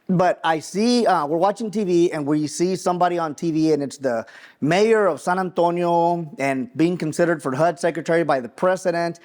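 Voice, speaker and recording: A man in his forties from Mexico, raised in West Texas, co-hosting a podcast and telling an earnest, animated personal story with frequent restarts. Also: on the high side, moderate pace. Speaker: podcast co-host, attorney.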